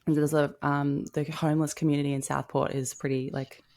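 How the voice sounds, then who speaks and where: A woman's voice: low voice, little pitch movement, fairly quick, a little mellow. A young woman telling a personal story in a casual podcast chat, full of "like" and casual swearing. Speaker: podcast co-host.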